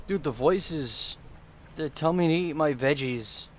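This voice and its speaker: A man's voice: on the high side, unhurried, a little hiss or hum. A man playing a video game and commenting, teasing and taunting the creatures he meets. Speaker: gaming YouTuber. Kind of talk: let's play commentary.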